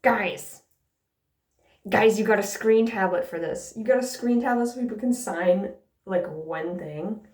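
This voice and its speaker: A woman's voice: medium pitch, measured pace, darkish tone. A woman vlogger telling a casual, sarcastic storytime rant and swearing freely along the way. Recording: roomy echo.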